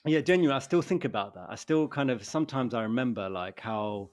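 A man in his thirties with an ordinary, mid-range voice hosts a casual chat. He tells stories at an unhurried pace and acts out what people said. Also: medium pitch. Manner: relaxed storyteller, acts out quoted lines. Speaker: podcast host.

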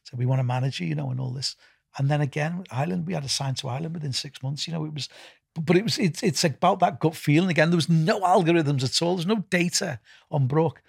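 Quick and a little high, with a creaky, slightly rough texture, this middle-aged man's voice is captured dry and at studio quality. He's an English festival founder and music executive with a Liverpool accent, casually rambling through an interview, repeating himself and filling silences with "you know."

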